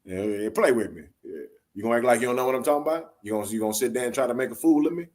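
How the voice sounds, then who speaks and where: A man's voice: medium pitch, expressive, very fast, darkish tone. Folksy Southern man chatting late night. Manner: laughing, storytelling, folksy sayings. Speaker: host. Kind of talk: casual late-night chat.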